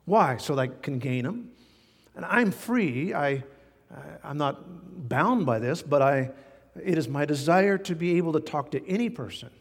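A man preaching a sermon as pastor, folksy and animated, chuckling now and then at his own jokes. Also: a little high, normal speed, breathy edge, in a large hall.

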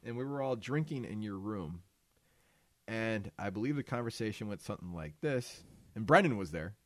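Brief: male podcast co-host, lively swooping delivery, dry close sound, swears freely while spinning stories. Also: lowish voice, moderate pace, dry recording. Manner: profane, animated storyteller doing voices. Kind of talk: casual storytelling chat.

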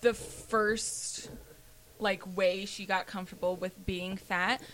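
A young woman hosting a casual podcast chat, talking in an animated way and swearing casually. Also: mid-range voice, slow pace, slight background noise. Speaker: podcast host.

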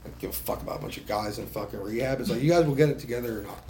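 A man's voice: medium pitch, very fast, mellow. A man speaks at a meeting in a mid-range voice, telling his own recovery story in a loose, rambling way. He swears freely and pokes fun at himself, restarting sentences as he goes. A faint murmur of room noise sits behind him. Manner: casual, profane, self-mocking, with frequent fillers and restarts. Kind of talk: candid spoken testimony.

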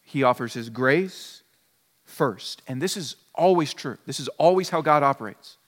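A man's voice: mid-range voice, lively intonation, normal speed. A man preaching a conversational sermon as a pastor, now and then acting out short imagined conversations. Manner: conversational preaching, acts out little dialogues. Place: church sanctuary. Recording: long hall reverb.

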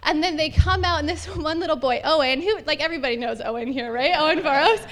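A woman's voice: high voice, quick pace, fairly bright tone. A young woman pastor preaching a sermon in an upbeat, chatty way with lots of casual fillers. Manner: bubbly, upbeat, chatty with many "like"s.

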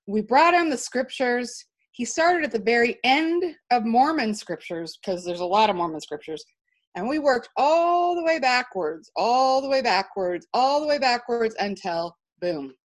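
Emphatic woman telling a long story. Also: a little high. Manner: animated, emphatic storytelling with restarts. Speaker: interview guest. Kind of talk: storytelling in conversation.

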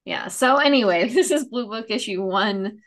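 Relaxed gravelly-voiced woman reviewing comics. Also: mid-range voice, normal speed. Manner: relaxed, rambling, swears casually. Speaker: comic book podcast host. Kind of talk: casual chat reviewing comics.

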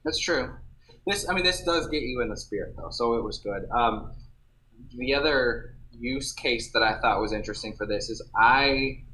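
A man chats on a podcast in an easygoing, meandering way, breaking off and restarting his sentences. His voice sits at an ordinary middle pitch. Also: moderate pace, sharp tone, poor audio. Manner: rambling, self-interrupting storyteller. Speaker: podcast co-host. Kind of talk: casual chat.

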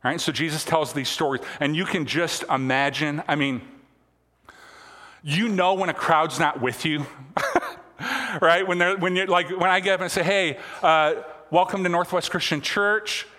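A man's voice: on the high side, steady tone, normal speed, pushed and bright, in a large hall. A man preaching a sermon as pastor of a church, talking conversationally and often checking in with "right?", with touches of self-deprecating humor. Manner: conversational, frequent "right?" and "all right?" check-ins. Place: church sanctuary.

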